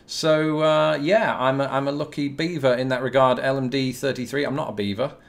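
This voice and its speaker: A man's voice: medium pitch, fairly even intonation, brisk, gravelly. A young British man with a British English accent, hosting a casual video Q&A and answering viewer questions in a chatty, rambling way with dry, self-mocking humour. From Britain. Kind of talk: casual to-camera Q&A.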